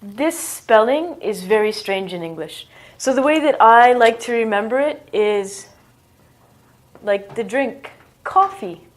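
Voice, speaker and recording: A woman's voice: on the high side, expressive, measured pace. A woman giving a casual English lesson in a playful, self-mocking way, acting out bodily noises as she explains them. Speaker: English teacher.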